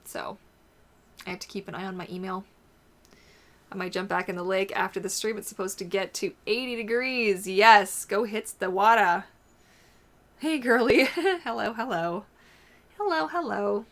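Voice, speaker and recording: A woman's voice: mid-range voice, fairly even intonation, normal speed. Casual female livestream host, chatty, reads out and answers viewer comments.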